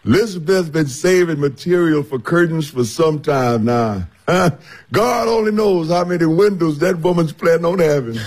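A man voices an easygoing older servant in a radio drama. His voice is mellow and a little husky. He chuckles through his folksy talk. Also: on the high side. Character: older folksy household servant, good-humored.

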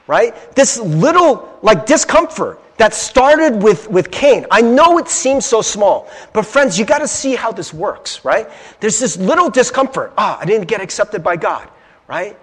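Male pastor, sermon, conversational, animated, husky voice, long hall reverb. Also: very high-pitched, measured pace. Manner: conversational, keeps asking the audience "right?"; animated storytelling.

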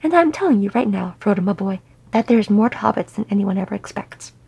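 A woman's voice: mid-range voice, lively intonation, brisk, vocal fry, a little mellow, slightly rough, exaggerated voice. A woman voicing an old male hobbit who is fussy, kindly and rambling.

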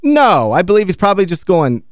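A man with a somewhat high voice co-hosts a talk-radio show, arguing his points fast and with emphasis. His pitch swings widely as he talks. The sound is dry and close to the mic. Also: wildly swooping pitch, no room sound. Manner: argumentative, quick, emphatic. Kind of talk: casual talk-radio banter.

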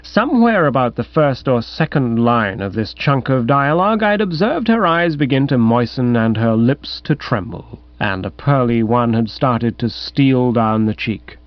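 A man narrating a comic first-person story in a wry, animated storytelling manner. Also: medium pitch, measured pace, few pauses, no room sound. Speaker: audiobook narrator. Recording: dull, dry recording.

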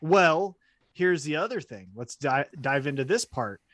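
A man's voice: a little high, a little slow, no echo. A man co-hosting a wrestling podcast in casual chat, blunt and swearing freely as he tells stories. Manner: blunt, swears, animated storytelling.

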